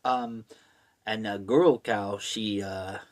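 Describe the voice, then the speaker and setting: Speaking with a lowish voice, a man delivers a comedic, deadpan summary of a horror book in deliberately broken, caveman-style English.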